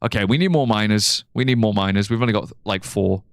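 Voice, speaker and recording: A man's voice: fairly low pitch, fast, no room sound. A young man streaming a game live, chatting loosely, swearing casually and laughing at his own ideas. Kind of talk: live gameplay commentary.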